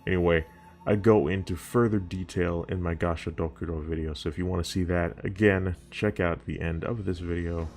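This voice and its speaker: A man's voice: low voice, steady tone, normal speed, a little mellow, soft background music. A man talking casually to camera, rambling and profane, often restarting his sentences. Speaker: youtuber. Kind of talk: casual video commentary.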